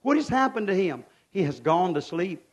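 A man preaching a fervent sermon. He swings from hushed, folksy asides to shouted climaxes and asks the congregation rhetorical questions. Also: high-pitched, big pitch swings, normal speed.

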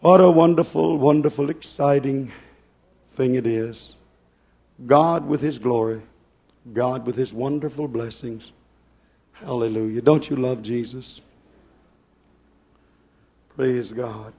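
A man preaching to a church congregation, fervent, swinging between loud outbursts and hushed asides. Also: mid-range voice, steady tone, takes it slowly, pauses often. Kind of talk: Pentecostal-style sermon. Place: church service.

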